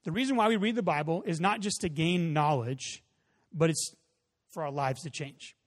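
A man in his thirties preaching a sermon as a pastor, conversational, with rising emphatic peaks and soft drop-offs. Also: fairly high pitch, normal speed.

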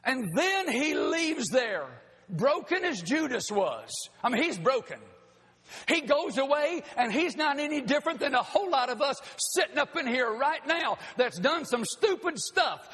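A pastor preaching a sermon in a church, folksy and joking with the congregation. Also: male voice, very high voice, a bit bright. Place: church sanctuary. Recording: long hall reverb.

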